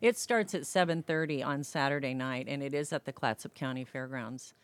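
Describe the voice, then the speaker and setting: Woman radio guest, low voice, eager and upbeat. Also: normal speed, no room sound. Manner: enthusiastic. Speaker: festival organizer guest. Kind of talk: casual interview chat.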